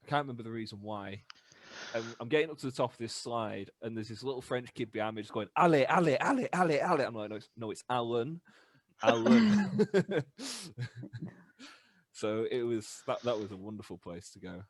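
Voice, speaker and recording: A young British man in a band, casually telling animated stories on a podcast and acting out the voices. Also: on the low side, a little fast, dry recording. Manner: animated anecdotes with laughs and acted-out voices. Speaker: band member podcast host. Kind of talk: casual storytelling chat.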